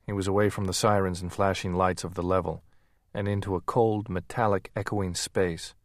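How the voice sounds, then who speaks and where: A man narrating an audiobook in a steady, measured reading voice. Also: sits low, no echo, clean studio sound.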